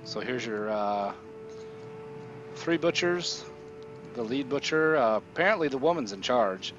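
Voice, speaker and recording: A man running a tabletop game as game master, narrating in a relaxed, halting way with frequent fillers. The recording sounds dull and lo-fi. Faint music plays behind him. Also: medium pitch.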